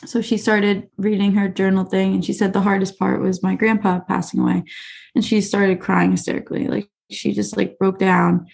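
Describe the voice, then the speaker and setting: A young woman, sounding like a teacher in a casual podcast interview, shares classroom stories at a normal speed. She's relaxed and chatty, leaning on fillers like "like" and "you know," and her mid-pitched voice has a gravelly vocal fry.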